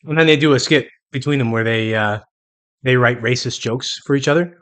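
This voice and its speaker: Brief: male co-host, mid-pitched, blunt and opinionated, casual chat. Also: brisk, fairly bright tone. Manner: opinionated, blunt, talking while eating. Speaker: podcast co-host.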